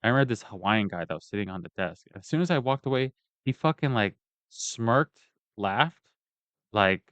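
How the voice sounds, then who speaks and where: A man's voice: fairly low pitch, animated, normal speed, fairly bright tone, no room sound. A man ranting in a casual, profane and rambling way as he tells a personal story. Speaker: vlogger giving a personal account. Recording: dull lo-fi dry recording.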